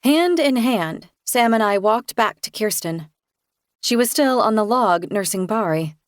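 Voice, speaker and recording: A woman reading a first-person thriller aloud in an expressive, tense storytelling manner. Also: medium pitch, a little slow, no room sound, clean studio sound. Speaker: audiobook narrator. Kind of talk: first-person novel narration.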